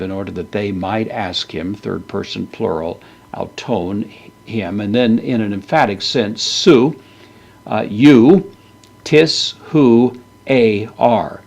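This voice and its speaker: A man teaching a verse-by-verse Bible lesson, pronouncing Greek words slowly and carefully before explaining them. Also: fairly low pitch, gravelly, slightly rough.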